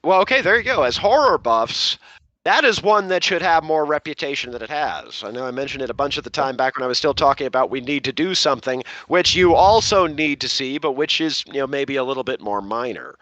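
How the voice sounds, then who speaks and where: A man's voice: mid-range voice, animated, a little fast, fairly bright tone, dry recording, muffled recording. A man co-hosting a casual group chat podcast, talking in a chatty, self-interrupting way. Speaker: podcast co-host.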